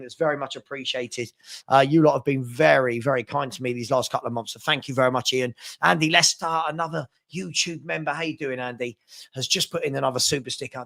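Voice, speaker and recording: A man's voice: on the high side, creaky. A man hosting a casual live fan chat, thanking viewers by name and answering the chat. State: hiccups. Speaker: fan channel host.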